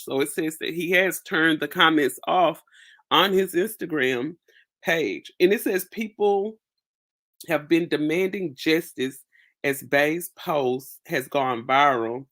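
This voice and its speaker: A woman hosting a casual commentary show, recapping a story slowly with many fillers. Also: sits low, fairly bright tone. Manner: slow, filler-heavy reading and recapping. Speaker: host.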